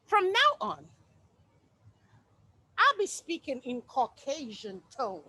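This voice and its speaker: A woman delivers a comic stage monologue in a high, bright register that swings widely up and down. She takes her time over the lines, leaning into a sassy, exaggerated way of talking. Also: wildly swooping pitch, slow pace, breathy edge. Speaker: monologue performer.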